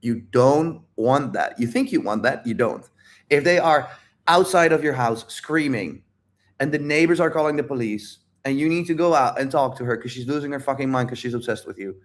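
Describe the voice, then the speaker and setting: Blunt, animated male dating coach. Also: mid-range voice, normal speed. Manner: blunt, animated, repeats phrases, swears freely. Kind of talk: casual livestream Q&A. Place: home livestream.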